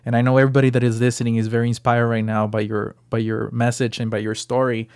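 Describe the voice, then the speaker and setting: A man's voice: medium pitch, little pitch movement, fast talker, darkish tone, smooth, no echo, clean studio sound. A man hosting a podcast interview, encouraging his guest and filling his talk with "you know" and repeated words. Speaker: podcast host. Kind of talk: interview conversation.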